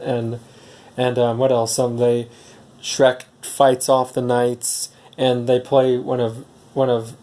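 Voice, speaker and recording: A man casually recapping a film's plot in a rambling, hesitant way, full of restarts and pauses. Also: mid-range voice, warm tone. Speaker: movie reviewer.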